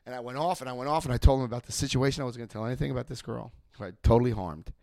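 Guy telling a story out loud, does both voices, goes loud then real quiet, dry close sound, middle pitch. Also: very fast, gravelly, no echo. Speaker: recovery speaker sharing his story. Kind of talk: storytelling talk.

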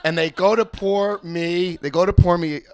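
A man giving personal testimony and leading a recovery step study, telling stories with animated emphasis and repeated phrases. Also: sits high, normal speed, some chatter behind. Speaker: recovery group speaker.

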